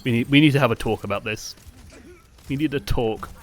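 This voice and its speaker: A young man coaching over gameplay footage, moving from calm breakdowns to exasperated outbursts and swearing bluntly. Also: medium pitch, a little fast. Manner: swings from calm analysis to exasperated shouting. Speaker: game coach. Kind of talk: live-streamed gameplay review commentary.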